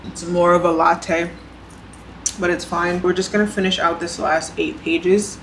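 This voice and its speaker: A woman's voice: on the low side, fairly even intonation, measured pace, a bit bright, slight background noise. A woman book vlogger talking casually and chatting on, gushing about what she reads with lots of fillers. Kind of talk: casual reading vlog chat.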